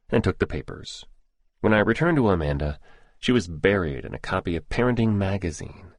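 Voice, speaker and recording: A man narrating a first-person thriller audiobook in a measured, steady storytelling manner. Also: low voice, dry recording, clean studio sound.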